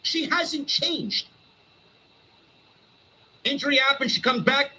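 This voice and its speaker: A man's voice: very high voice, slow, long pauses, sharp tone, poor audio. A male streamer delivering a heated, sarcastic wrestling rant full of swearing.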